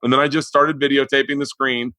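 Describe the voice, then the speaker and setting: A man's voice: mid-range voice, little pitch movement, a little fast, sharp tone, dry recording. A man hosting a podcast, telling family stories in casual chat, laughing easily and calling his guest dude. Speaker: podcast host.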